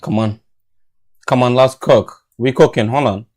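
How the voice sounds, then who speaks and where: Streaming late at night from his bedroom, a tired young man speaks unhurriedly in a darkish, medium-pitched voice. He's half-asleep, drowsy, and mumbling, rambling through casual slang and talking to himself.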